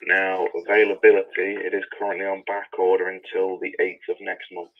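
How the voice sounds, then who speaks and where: A man's voice: low-pitched, completely flat delivery, brisk. A man on a phone call from a parts counter, laid-back and matter-of-fact. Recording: tinny phone line on speaker.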